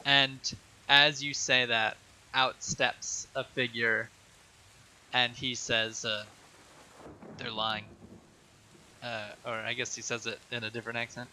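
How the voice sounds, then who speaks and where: A man narrating as game master of a tabletop game, halting and full of fillers. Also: mid-range voice, flat delivery, pushed and bright, slight background noise, rough recording.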